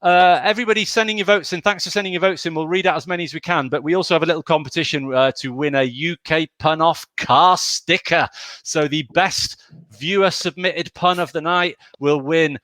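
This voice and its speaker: Bright-voiced man hosting a live show. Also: on the high side, fairly even intonation, no room sound. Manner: chatty, laughs easily, quick asides. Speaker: host of an online pun contest.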